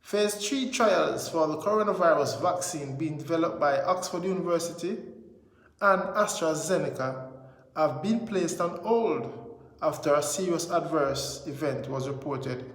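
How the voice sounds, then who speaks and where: A man's voice: on the high side, measured pace. A man with a Jamaican accent hosting a casual vlog, rambling in informal patois-flavoured talk full of greetings and blessings. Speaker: vlog host. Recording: echoey room with long reverb.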